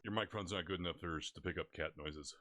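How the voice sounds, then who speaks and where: A man's voice: deep voice, fast, bright, forceful tone. A man co-hosting a casual stream, teasing in a dry, laid-back way.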